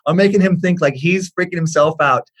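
A man in his forties, a comedian guest, telling an animated comic story, excitable and swearing freely. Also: a little high, brisk, breathy edge.

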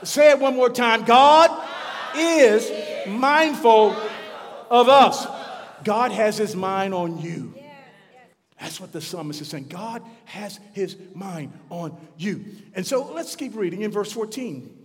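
High-voiced preacher in a reverberant church. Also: male voice, animated, a little slow. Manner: call-and-response preaching, rising to shouts and repeating phrases. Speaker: pastor. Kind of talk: sermon.

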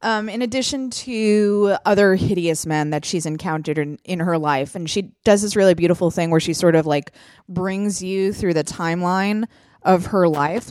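A woman's voice: lowish voice, animated, unhurried, darkish tone, clear, resonant tone, no room sound, studio quality. A woman hosting a podcast in casual chat, talking frankly with plenty of fillers and casual swearing. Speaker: podcast host.

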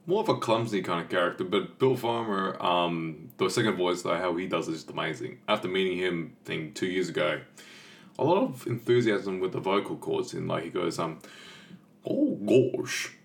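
A man's voice: low voice, a little fast, creaky. A man hosting a casual podcast, talking enthusiastically and rambling with many fillers. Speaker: podcast host.

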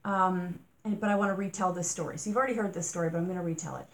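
A woman's voice: on the low side, fairly even intonation, rapid-fire. Podcast host woman, impassioned and rambling. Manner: rambling, exasperated, rhetorical questions. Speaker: true-crime podcast host. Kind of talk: casual podcast narration.

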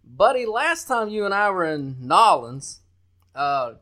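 A man co-hosting a sports betting podcast, talking loudly and brashly with lots of swearing and hype. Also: sits high, very animated, unhurried. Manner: loud, brash, profane and hyped. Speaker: podcast co-host.

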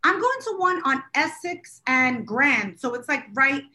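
A woman co-hosting a podcast tells a rambling, self-deprecating story in casual chat. Her voice is high and bright, and her tone carries an exasperated edge as she talks things through. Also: sing-song, a little slow. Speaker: podcast co-host.

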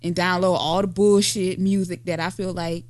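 A woman's voice: lowish voice, level tone, normal speed, no room sound. A woman co-hosting a podcast, blunt and profane in casual chat, laughing often. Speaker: podcast co-host.

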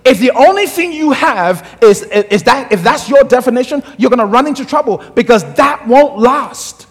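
High-voiced African pastor, reverberant church. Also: male voice, moderate pace, faint music behind. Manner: humorous animated storytelling. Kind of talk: sermon. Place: church sanctuary. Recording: long church hall reverb.

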